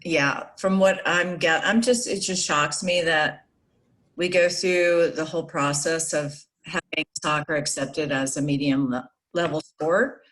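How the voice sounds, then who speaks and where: A woman's voice: sits low, steady tone, unhurried, fairly bright tone. A woman youth soccer coach chatting on a video call, rambling with frequent restarts and laughing as she talks. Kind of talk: casual video call meeting.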